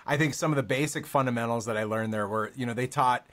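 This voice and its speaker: Man in his thirties, mid-pitched voice, relaxed chatty host. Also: quick pace. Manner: conversational, reminiscing with fillers. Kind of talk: casual interview chat.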